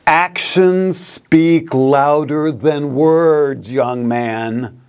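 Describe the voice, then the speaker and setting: A man voicing a stern mother who scolds her young son, with slow, drawn-out emphasis. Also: a little high, darkish tone, clean tone. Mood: scolding.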